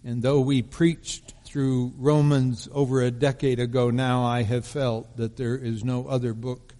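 Male pastor, mid pitch, measured storytelling sermon, long hall reverb. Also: dark tone. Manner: measured storytelling delivery, slowing for emphasis.

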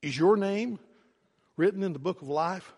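Preacher, male, fairly high-voiced, emphatic pulpit delivery, long church reverb. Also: moderate pace, breathy edge. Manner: emphatic preacher, rising to loud urgent questions. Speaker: pastor. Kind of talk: sermon.

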